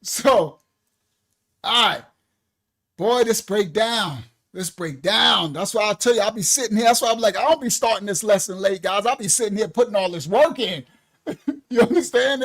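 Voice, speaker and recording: Teaching scripture on a livestream through a desk mic of his own, this man has a very high voice and speaks with fervor. He exclaims loudly at points and bursts into laughter.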